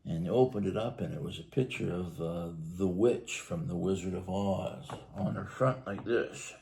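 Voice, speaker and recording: A man's voice: low voice, moderate pace, creaky, darkish tone, a little hiss or hum. A man, co-hosting a podcast and telling firehouse stories in a rambling, chuckling way. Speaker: podcast co-host, firefighter telling station stories. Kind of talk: casual storytelling chat.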